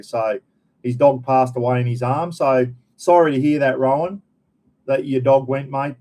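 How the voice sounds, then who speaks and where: Hosting a relaxed live chat, this middle-aged Australian speaks in a medium pitch with a somewhat dark tone. He greets his viewers warmly, wanders from topic to topic, and leans heavily on "mate" and "bloody."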